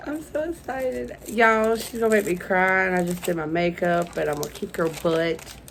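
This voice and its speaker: A woman's voice: lowish voice, a little fast, vocal fry, slight background noise, poor audio. A young woman unboxing beauty products in a casual vlog, gushing and emotional and calling her viewers "y'all". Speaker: beauty vlogger.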